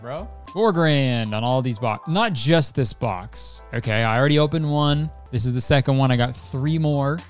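A young adult man live-streaming a card opening, excitable and swearing a lot, swinging between hype and frustration. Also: on the high side.

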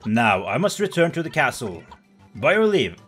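A man voicing a formal, courteous castle guard who drops his voice low on each "sir" while reading a game's lines aloud. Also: big pitch swings, moderate pace, a bit bright, faint music behind.

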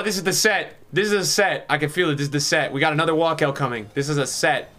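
Excitable male streamer, higher voice. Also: fast, hardly any pauses, soft background music. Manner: excitable, swings between hype and letdown, many fillers. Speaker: streamer opening game packs. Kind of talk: live-stream commentary to chat.

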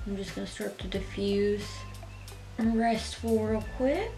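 A woman talking casually at home as she walks through a makeup tutorial step by step, chatty and gushing but gentle. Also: medium pitch, a little slow, faint music behind.

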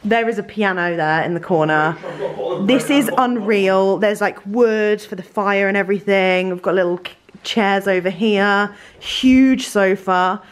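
A woman's voice: mid-range voice, a little slow, low-quality recording. A young woman, vlogging on a handheld camera from inside a large holiday lodge. She is gushing and giddy, laughing often. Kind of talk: excited casual vlog.

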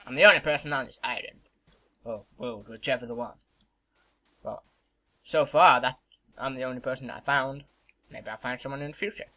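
Excitable young man with a bright voice. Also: mid-range voice, slight background noise. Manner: excitable, swears often, shouts at mobs. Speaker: gaming video host. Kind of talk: casual gameplay commentary. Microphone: desk microphone.

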